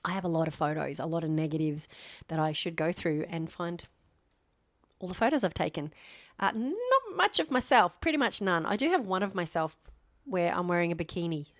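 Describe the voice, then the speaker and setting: A woman's voice: lowish voice, a little fast, dry recording. A woman in her fifties talking casually to camera, chatty and self-deprecating, rambling with restarts. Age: 50s. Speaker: vlogger.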